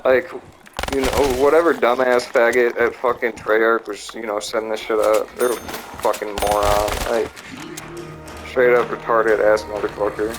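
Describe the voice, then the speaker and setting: A man's voice: fairly low pitch, flat delivery, moderate pace, music in the background, low-quality recording. A man giving casual, profane, rambling commentary while playing a video game, with lots of fillers. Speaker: gamer. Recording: clicking noise in background.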